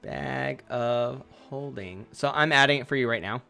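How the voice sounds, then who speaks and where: A man's voice: mid-range voice, unhurried, creaky, sharp tone, soft background music. A man running a tabletop game as game master, casual and chatty. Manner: casual, chatty, many fillers.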